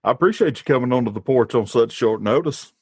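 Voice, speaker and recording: A man's voice: mid-range voice, expressive, fast, breathy edge, no room sound, clean studio sound. A man with a Southern US accent hosting a podcast in a folksy, easygoing, polite way. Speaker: podcast host. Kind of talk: casual podcast chat.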